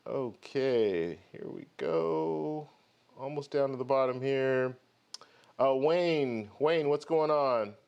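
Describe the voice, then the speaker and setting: A man's voice: mid-range voice, slow, creaky, darkish tone, clear, resonant tone, muffled recording. A man hosting a live stream about travel rewards, talking casually and greeting viewers one by one. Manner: chatty, greets viewers by name. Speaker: host of a travel credit card channel.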